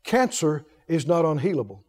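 A man preaching a sermon, asking the congregation question after question in a folksy, animated way. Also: on the high side, normal speed. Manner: folksy, laughs between points. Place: church. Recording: echoey hall reverb.

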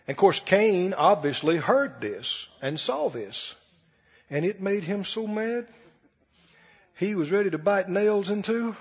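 High, animated husky-voiced preacher. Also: male voice, measured pace. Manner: animated, folksy and emphatic, asks the audience questions. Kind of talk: sermon. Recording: dull echoey hall broadcast.

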